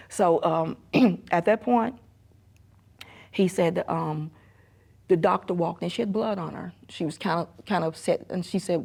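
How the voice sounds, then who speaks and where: A middle-aged woman, an emergency room nurse and mother, giving a halting, repetitive personal testimony that often sinks to a hushed near-whisper. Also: lowish voice, creaky. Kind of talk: personal testimony in a documentary interview.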